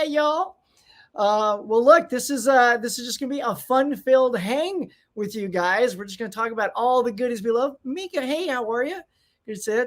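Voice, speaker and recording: A man hosting a casual live stream from home, chatting excitedly and greeting viewers by name. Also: extremely high pitch. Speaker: channel host. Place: home room.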